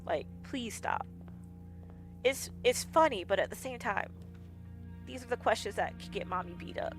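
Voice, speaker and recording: A woman's voice: lowish voice, normal speed. A woman streamer chatting casually while she plays, laughing often and acting out the lines of others in her stories. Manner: chatty, laughs often, acts out quoted dialogue. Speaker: game streamer. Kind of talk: casual storytelling while gaming. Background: faint game music.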